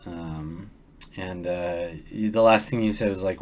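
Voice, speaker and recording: A man's voice: sits low, steady tone, unhurried. A hesitant man running a tabletop game. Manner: loose and hesitant, full of fillers. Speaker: game master.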